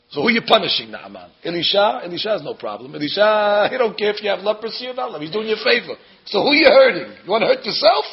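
A man teaching a Bible lesson to a group of women as a lively storyteller, acting out the characters. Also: high-pitched, vocal fry. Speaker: religious teacher. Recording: dull lo-fi recording.

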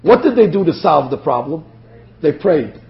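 A man's voice: fairly high pitch, moderate pace, gravelly. A man teaching a Torah lecture to a class, acting out the quotes as he goes. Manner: animated, acts out quotes. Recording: dull lo-fi lecture recording.

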